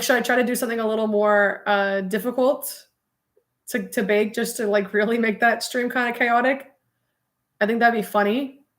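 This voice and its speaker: A young woman talks loosely to her viewers in a relaxed livestream chat, her voice sitting a little high. She rambles, leans on fillers and keeps breaking into laughter as she thinks aloud. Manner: chatty, rambling, many "like" fillers, laughs often. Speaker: streamer.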